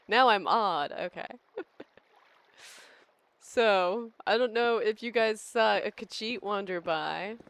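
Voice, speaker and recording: A woman's voice: mid-range voice, takes it slowly, pauses often, a bit bright, dry recording. A young American woman streaming a game, chatting casually with her viewers and laughing often. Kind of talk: casual live-stream chat while playing.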